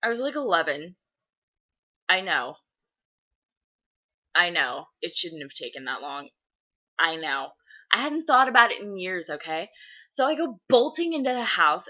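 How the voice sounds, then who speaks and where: A woman's voice: mid-range voice, muffled recording. A young woman vlogging, telling a childhood story and answering viewer questions, swearing freely and acting out the voices of the people in it. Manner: animated, profane, acts out voices in her stories. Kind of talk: casual storytelling to camera.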